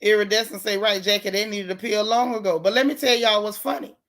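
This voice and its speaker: A woman's voice: mid-range voice, steady tone, fast talker. A woman hosting a casual livestream, chatting with viewers by name and joking about the news in slang. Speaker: livestream host.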